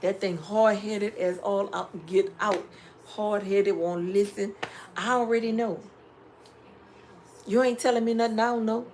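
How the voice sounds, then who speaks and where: Woman, middle-aged, casual live-stream chat, preachy advice, mid-pitched voice, faint background hiss. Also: measured pace. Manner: preachy, animated life advice with acted-out quotes. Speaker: home DIY vlogger.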